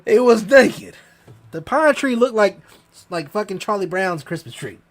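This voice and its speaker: A man telling a long, profane story in casual podcast chat, rambling and animated. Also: sits high, unhurried. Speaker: podcast co-host.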